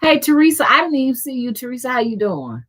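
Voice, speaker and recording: A woman's voice: on the high side, big pitch swings, quick pace, a bit bright. A middle-aged woman, hosting a casual livestream chat, folksy and profane, greeting viewers by name. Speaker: rootworker and channel host.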